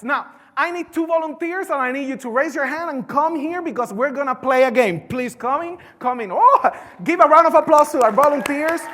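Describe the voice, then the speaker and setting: A woman with a Spanish accent, a native Spanish speaker, giving a live conference talk in an animated, playful way and drawing in the audience. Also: high-pitched. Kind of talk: live keynote presentation. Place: large conference hall. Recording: echoey conference hall.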